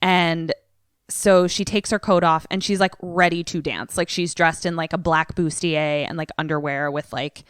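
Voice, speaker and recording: A woman's voice: low voice, fairly even intonation, moderate pace, clear, resonant tone, no room sound, clean studio sound. A young adult woman co-hosting a podcast, casually recapping a film in a loose, irreverent way full of "like". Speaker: podcast co-host. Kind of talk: casual movie recap chat.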